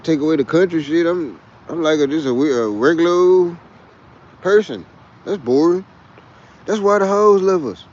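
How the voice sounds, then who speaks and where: A man's voice: fairly high pitch, normal speed, a little mellow. Swaggering Texan man, muffled lo-fi sound. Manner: boisterous, swaggering and profane. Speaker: livestream host. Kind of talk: rambling casual livestream chat.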